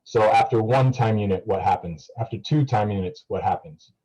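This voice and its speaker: A young man with a low, mellow voice talks casually to a class over a video call. He rambles, full of fillers and restarts. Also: normal speed, breathy edge, poor audio. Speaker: student guest speaker.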